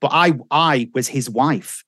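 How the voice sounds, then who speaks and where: A man's voice: mid-range voice, a little slow, no room sound, clean studio sound. A middle-aged man, a radio presenter telling stories in casual chat, swearing freely. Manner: animated storyteller, swears freely.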